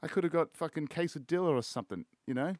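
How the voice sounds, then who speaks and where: A man's voice: fairly high pitch, fast, darkish tone, no room sound, clean studio sound. A man with an Australian accent hosting a podcast in casual chat, rambling, laid-back and swearing constantly. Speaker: podcast host.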